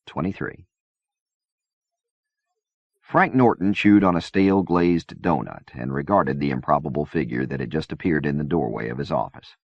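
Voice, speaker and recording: A man reading a novel aloud in measured, even scripted narration. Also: rumbling low, no room sound. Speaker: audiobook reader. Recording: dull dry cassette-era recording.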